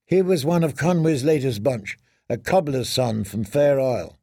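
A man narrating a fantasy audiobook in a steady, measured way. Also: mid-range voice, vocal fry, breathy edge, no room sound, clean studio sound.

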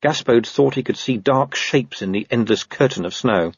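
A man narrating a comic fantasy novel in a wry, lively storytelling manner. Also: mid-range voice, moderate pace, husky, no echo, muffled recording. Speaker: audiobook narrator.

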